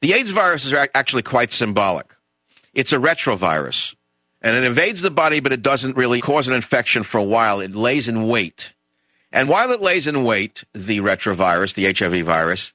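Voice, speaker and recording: A middle-aged man holds forth in an emphatic, indignant talk radio monologue, hammering his points home in long lists. His tone is bright and forceful, and the sound is close and dry, with no room around it. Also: mid-range voice, sing-song, normal speed, no echo, low-quality recording.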